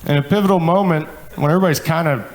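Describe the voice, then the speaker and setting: Guy doing stand-up in a club, kinda high voice, crowd laughing loud, swears a lot and acts out the people. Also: rapid-fire. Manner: profane, animated, acts out quotes. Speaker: stand-up comedian. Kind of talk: stand-up storytelling. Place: comedy club stage with laughing audience. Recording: live club with audience laughter.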